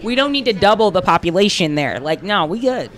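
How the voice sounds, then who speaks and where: A podcast panelist making sassy, quick quips in casual chat. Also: mid-range voice, very animated, a bit bright.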